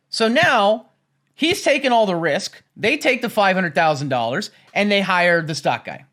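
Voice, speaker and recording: On his livestream, a stock trading streamer explains finance casually, rambling, repeating himself, and tacking "right?" onto his points between jokey, profane asides. He has a high-pitched, fairly bright voice with lively intonation at a moderate pace.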